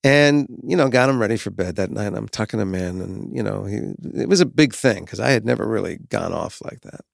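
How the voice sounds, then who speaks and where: A man's voice: lowish voice, animated, fairly quick, vocal fry, dry recording, clean studio sound. A man in his fifties talking as a guest, telling candid stories in a reflective, frank way and swearing now and then. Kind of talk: candid conversational storytelling.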